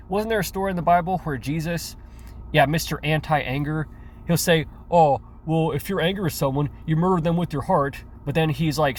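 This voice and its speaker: Ranting commentator, male, slightly high voice, sarcastic, swears a lot, stumbles over words, faint hiss behind. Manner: sarcastic, profane, stammering restarts. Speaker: commentary youtuber.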